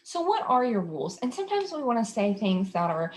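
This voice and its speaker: A woman's voice: a little high, very animated, brisk, few pauses. A woman hosting an instructional talk for parents. She explains behavior strategies in a conversational way, with frequent ums and uhs. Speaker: behavior specialist host.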